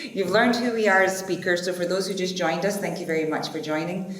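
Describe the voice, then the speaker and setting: A woman moderating a conference panel, chatty and informal. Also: fairly low pitch. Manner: chatty, informal, uses fillers. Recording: echoey conference hall, faint noise.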